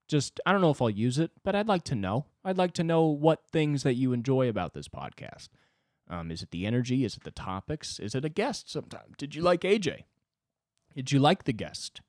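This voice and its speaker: A man in his twenties hosting a solo comedy podcast, talking self-deprecatingly and swinging between loud outbursts and low muttering. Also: dry recording, studio quality. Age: 20s. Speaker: podcast host.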